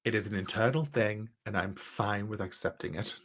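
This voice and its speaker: A man's voice: lowish voice, moderate pace, a bit bright. A man co-hosting a horror podcast, chatting bluntly and laughing often. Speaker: podcast co-host. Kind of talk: casual chat.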